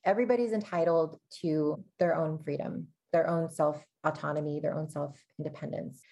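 A woman's voice: low voice, fairly even intonation, normal speed, vocal fry, warm tone. A young woman co-hosting a casual advice chat, telling personal stories candidly with many fillers.

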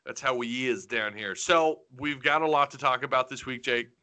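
Male podcast host, Arkansas accent, very bright forceful voice, animated. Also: medium pitch, normal speed, clean tone. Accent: Arkansas, mild. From Northwest Arkansas. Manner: animated, emphatic, joking. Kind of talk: casual sports podcast chat.

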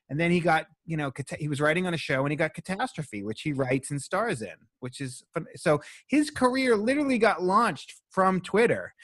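A man talking as a guest on a casual chat, earnest and candid, swearing now and then, with halting restarts. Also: fairly high pitch, fairly bright tone, dry recording. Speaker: screenwriter guest.

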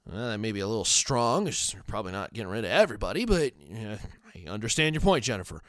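A man's voice: fairly low pitch, big pitch swings, fast talker, no room sound. A man hosting a sports podcast, giving blunt opinions and reading out fan comments with frequent restarts. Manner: opinionated, digressive, repeats himself. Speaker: podcast host.

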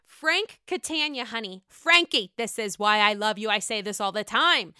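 A woman's voice: medium pitch, expressive, moderate pace, sharp tone, smooth, dry recording, studio quality. Profane, gossipy woman podcast host. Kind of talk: casual reality-TV recap chat.

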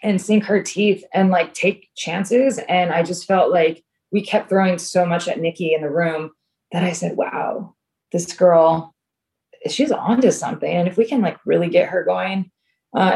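A woman with a slightly low voice tells a long story in a loose, casual way. She is full of "like" and "um" and often restarts her sentences. Her pace runs fast and slow by turns. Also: a little mellow. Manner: rambling storyteller, many fillers and restarts. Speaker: filmmaker guest. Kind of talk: casual interview chat.

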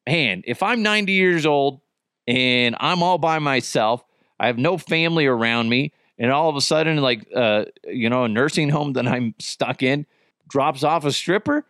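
A man's voice: medium pitch, expressive, normal speed, fairly bright tone, no room sound, clean studio sound. A middle-aged man hosting a podcast, ranting about news headlines in a profane, exasperated, comedic way. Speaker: podcast host.

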